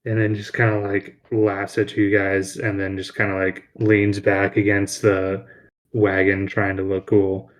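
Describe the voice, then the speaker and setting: A man's voice: sits low, monotone, a little slow. A man narrating as game master, rambling with lots of fillers.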